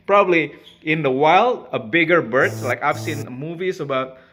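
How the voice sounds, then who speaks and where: Chatty man with a bright voice. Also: a little high, expressive, slow pace. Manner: chatty, laughs often, coos at his bird. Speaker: pet bird owner vlogger. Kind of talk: casual talk to camera.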